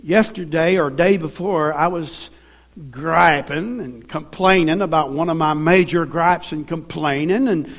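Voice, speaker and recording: Speaking at a measured pace in a slightly high voice, a man with a Southern accent delivers a church sermon. He's from the American South and leans on folksy storytelling, prompting the congregation for amens.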